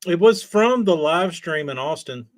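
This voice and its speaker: A man from Texas joins a live chat as a guest. His voice sits fairly high, and he speaks a little hesitantly, hunting for words. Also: expressive, a little slow. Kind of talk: casual chat.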